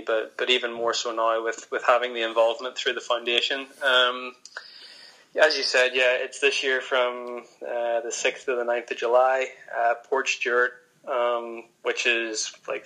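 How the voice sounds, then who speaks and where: A young man with a Northern Irish accent, chatting casually as a podcast guest, relaxed with many restarts. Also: mid-range voice, normal speed, poor audio. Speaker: pro golfer guest.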